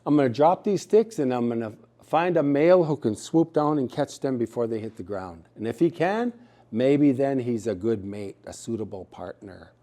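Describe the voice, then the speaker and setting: Man putting on a careful female eagle, polite, slightly teasing, mellow tone, told story. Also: mid-range voice, lively intonation, normal speed, close to an everyday voice. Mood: determined. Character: cautious, choosy young female eagle.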